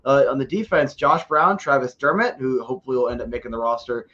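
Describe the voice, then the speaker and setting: A man's voice: medium pitch, steady tone, quick pace, bright, forceful tone, lo-fi sound. A man co-hosting a casual sports podcast, joking and rambling and often repeating words as he talks. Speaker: podcast co-host.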